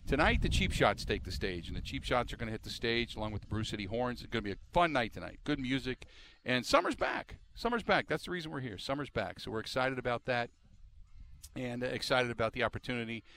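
A man's voice: mid-range voice, fairly bright tone. A man hosting a sports talk radio show, talking emphatically and with exasperation, often repeating himself.

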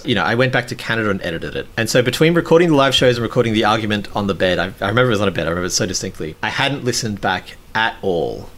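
A man's voice: on the low side, fairly bright tone. A man frankly recounting his own mistakes as a podcast host, self-critical and casually swearing. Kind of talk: candid personal storytelling.

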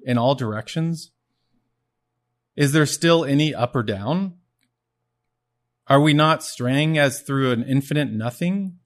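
A man's voice: fairly high pitch, voice pushed up. A man reading as a frantic madman. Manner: read aloud with rising intensity. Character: frantic male madman preaching in a marketplace.

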